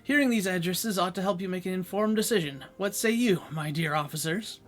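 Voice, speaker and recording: A man's voice: high voice, brisk, a bit bright, soft background music. A man plainly reading a composed noblewoman advisor's formal, archaic game dialogue.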